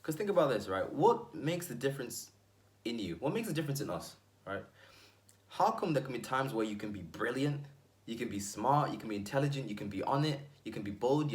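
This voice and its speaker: In his own video, a man with a fairly low-pitched voice speaks directly to the viewer in an energetic motivational talk. He repeats points emphatically and often breaks off for asides.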